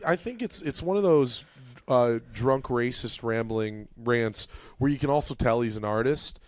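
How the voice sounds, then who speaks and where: A man's voice: mid-range voice, unhurried, no room sound. A man co-hosting a comedy podcast, rambling about films with easy laughter in casual banter. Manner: laughs easily, rambling and opinionated about movies. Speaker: podcast co-host.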